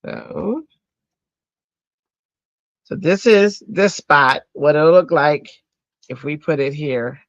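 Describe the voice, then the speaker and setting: A woman's voice: deep voice, a little slow, dry recording, dull audio. A woman hosting a casual craft livestream from home, chatting to her viewers as she works. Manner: chatty, answers chat, breaks into sung bits. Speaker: livestream host. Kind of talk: casual livestream chat while card-making.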